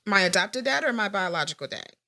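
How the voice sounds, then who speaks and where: A woman in her thirties, an interview guest, talking reflectively about her family with many pauses and restarts. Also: medium pitch, animated, pushed and bright. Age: 30s. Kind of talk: personal interview.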